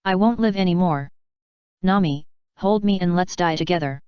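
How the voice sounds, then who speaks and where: A woman reading the lines of a cocky young male pirate in a storybook, in her own even voice. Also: fairly low pitch, normal speed, smooth, no echo, muffled recording, natural voice. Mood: smug.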